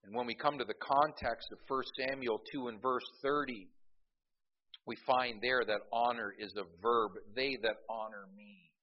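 A man's voice: mid-range voice, fairly even intonation, normal speed, lo-fi sound, a little hiss or hum. A man preaching a sermon as a pastor, telling humorous anecdotes and calling out to the congregation for amens.

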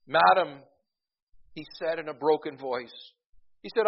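A man preaching a sermon in a conversational way, often repeating words as he goes and swelling louder for emphasis. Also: a little high, measured pace, vocal fry, long pauses, husky. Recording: dull, lo-fi recording.

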